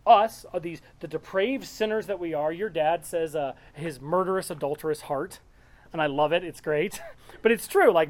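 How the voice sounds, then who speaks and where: A woman's voice: lowish voice, a little mellow. A woman leading a small-group Bible study, reading verses aloud and explaining them in a loose, conversational way.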